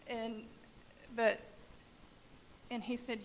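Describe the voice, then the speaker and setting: A woman giving a personal testimony at a church service, telling her story in an animated way and laughing at times. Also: on the high side, unhurried, low-quality recording. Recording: faint hiss.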